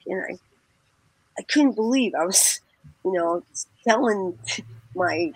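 Woman telling a lively story. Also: medium pitch, takes it slowly, breathy edge, no room sound, rough recording. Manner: animated, laughing often, quotes people; many fillers and restarts. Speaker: guest. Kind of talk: casual storytelling.

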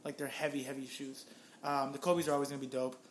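A young man co-hosting a casual sports podcast, relaxed and teasing, often repeating his short reactions. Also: mid-range voice, quick pace, slight background noise. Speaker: podcast co-host.

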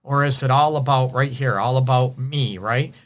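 A man's voice: mid-range voice, moderate pace, fairly bright tone. A man who counsels couples, hosting a relationship advice show and talking through the topic in a conversational way, often checking in with "right?" and "you know". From Detroit area. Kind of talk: radio advice monologue.

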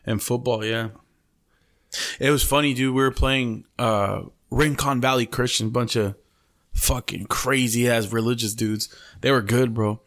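A man's voice: mid-range voice, fairly even intonation, unhurried, a bit bright. A young man co-hosting a podcast, telling long profane stories in a slangy, casual way and dropping Spanish slang into his English. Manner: profane, slangy storytelling full of "bro". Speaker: podcast co-host. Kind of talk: casual chat.

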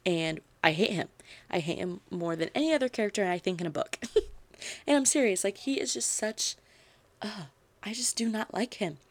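A woman in the middle of her range recaps a novel for her podcast, chatty and animated, filling her sentences with "like." The sound is close and dry, with no room around her voice. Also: mid-range voice, normal speed, no echo. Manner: animated storytelling, frequent "like" fillers. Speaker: book podcast host. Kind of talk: chatty book review, retelling a plot.

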